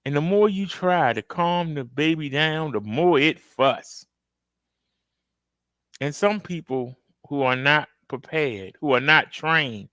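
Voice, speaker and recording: Male host, animated storyteller, higher pitch, forceful tense tone, dry close sound. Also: no echo. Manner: animated, emphatic storytelling with acted-out outbursts; conversational, addresses viewers directly. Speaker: reaction video host. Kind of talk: casual commentary.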